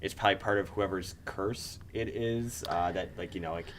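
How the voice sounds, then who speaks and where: Rambling man with a lowish voice. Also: moderate pace, a bit bright, slight background noise. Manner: rambling, many fillers, dry jokes. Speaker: co-host. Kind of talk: casual chat on a comics live stream.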